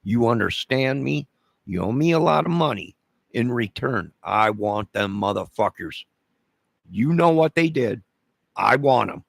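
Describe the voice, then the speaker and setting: A man's voice: mid-range voice, lively intonation, unhurried, creaky, no room sound. A man from Chicago in a rambling direct-to-camera rant, menacing and repetitive, leaning hard on his words for emphasis.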